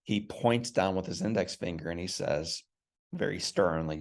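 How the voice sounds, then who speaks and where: A man's voice: low voice, normal speed. An earnest middle-aged man telling an emphatic personal story as a guest in an interview.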